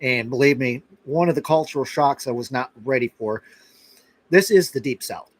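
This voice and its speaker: A man's voice: medium pitch, normal speed, low-quality recording. A middle-aged man from Florida hosting a casual live chat, talking in a rambling, conversational way with restarts and asides. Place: rural outpost in western Kentucky.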